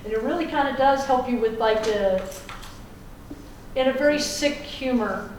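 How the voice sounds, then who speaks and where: A woman's voice: fairly high pitch, normal speed, a little hiss or hum. A woman teacher giving a classroom lecture, folksy and chatty, checking in with the class. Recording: echoey classroom from far off.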